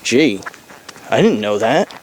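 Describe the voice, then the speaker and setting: A man's voice: mid-range voice, very animated, slow pace, a little mellow, slight background noise, rough recording. A man in his thirties talking in a sarcastic, profane, ranting way in a casual vlog.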